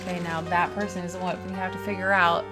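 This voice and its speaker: A woman's voice: fairly low pitch, level tone, quick pace, loud music behind the voice. A woman streamer chatting casually and reading game dialogue aloud, laughing often.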